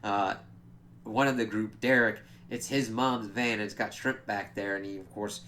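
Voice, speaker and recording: A man's voice: fairly low pitch, steady tone, moderate pace, pushed and bright, slight background noise. A man giving a casual, rambling spoken review of a TV episode, with loose asides and frequent fillers.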